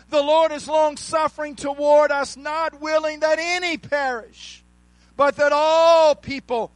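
A man preaching a sermon, calling out to the congregation and rising to shouts, with slow, drawn-out emphasis on key words. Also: extremely high pitch, dry recording, poor audio.

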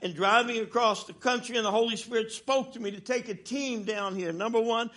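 An older man preaches a sermon in a high, bright voice. He tells stories with jokes, his volume dropping to a hush and then swelling again. He speaks as a seasoned traveling minister. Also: brisk. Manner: animated storytelling with jokes, swinging from loud to hushed.

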